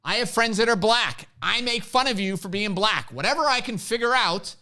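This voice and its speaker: A man's voice: high voice, moderate pace, pushed and bright. A middle-aged man hosting a casual live-stream chat, a brash joker who tells stories and acts out the quotes. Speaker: podcast host, firearms instructor.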